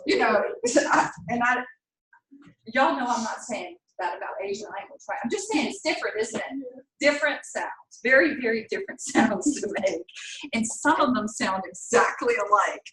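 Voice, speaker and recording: A woman's voice: fairly high pitch, expressive, moderate pace, a bit bright, a little hiss or hum. An older woman with a Southern US accent lecturing a class in a chatty, digressive way, laughing often. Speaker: teacher. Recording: roomy, distant classroom mic.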